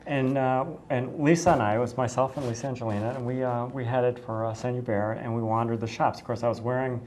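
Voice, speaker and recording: A woman's voice: very deep voice, fairly even intonation, fast, darkish tone, slight background noise. A middle-aged woman from the United States casually telling a personal story, effusive and rambling, with many restarts and fillers.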